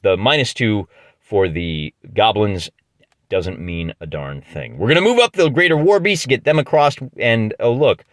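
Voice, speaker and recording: A man's voice: fairly low pitch, sing-song, unhurried, no room sound. A middle-aged man with a Midwestern American accent, chatting his way through a solo tabletop battle with jokes and restarts. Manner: chatty, jokey, often restarts mid-phrase. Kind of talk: casual play-by-play narration of a tabletop game.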